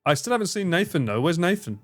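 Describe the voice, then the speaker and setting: A man's voice: high-pitched, sing-song, quick pace. A man streaming live, chatting casually with his viewers, swearing freely, laughing and bantering.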